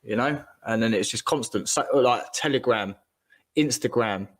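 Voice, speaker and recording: Man, casual rant, slangy, animated, repetitive. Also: medium pitch, moderate pace. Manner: animated, slangy, repeats himself. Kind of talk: ranting casual chat.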